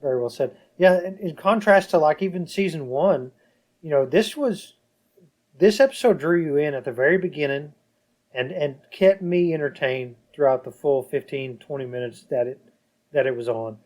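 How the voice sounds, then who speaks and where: A young man co-hosting a casual podcast chat, stumbling over repeated words and growing animated as he retells his reactions. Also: on the high side, normal speed. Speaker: podcast co-host.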